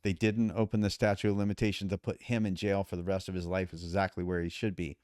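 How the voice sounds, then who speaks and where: A man's voice: low voice, fast talker, clear, resonant tone, no room sound, studio quality. A middle-aged man, a podcast guest, telling his story emphatically and acting out the dialogue. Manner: emphatic, animated retelling with quoted dialogue. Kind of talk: storytelling in conversation.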